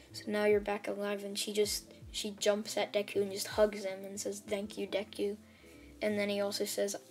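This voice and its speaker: Flat-voiced woman rambling through a story. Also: medium pitch. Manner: hesitant, full of "like" and restarts. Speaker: channel host retelling a fan story. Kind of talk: casual, rambling story retelling.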